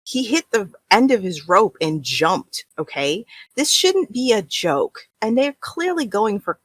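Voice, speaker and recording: A woman's voice: mid-range voice, sing-song, measured pace, no echo. A woman on a fan podcast panel, talking emphatically and critically in casual discussion.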